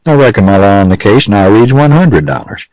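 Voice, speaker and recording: A man's voice: fairly low pitch, very animated, fairly quick, a little mellow, dry recording, rough recording. A man voicing a pompous, blustering old frontier judge.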